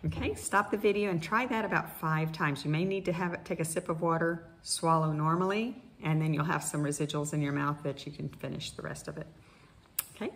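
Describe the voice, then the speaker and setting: A middle-aged woman speech therapist calmly leading guided voice exercises, pausing with frequent fillers. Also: low voice, a little hiss or hum. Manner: calm instructional, with many fillers. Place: indoors in Costa Rica, wind outside.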